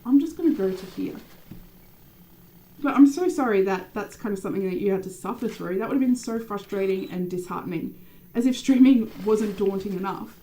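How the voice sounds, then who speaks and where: A young adult woman streaming a game, chatting casually with viewers by name and rambling through animated stories. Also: medium pitch, fairly quick, low-quality recording. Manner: animated, rambling storytelling with many fillers. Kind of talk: casual live-stream chat.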